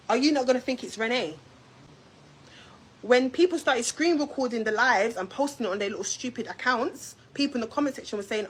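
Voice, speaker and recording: A woman's voice: fairly high pitch, slight background noise, poor audio. Fiery young woman ranting on a live stream. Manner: animated, confrontational, addresses viewers directly. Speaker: YouTube storyteller. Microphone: phone or webcam on a live stream.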